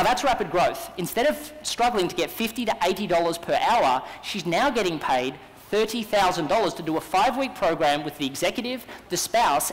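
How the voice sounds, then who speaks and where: A man with an Australian accent giving an energetic, persuasive keynote talk at a business conference. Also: high voice. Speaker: business speaker. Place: large conference hall. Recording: long hall reverb.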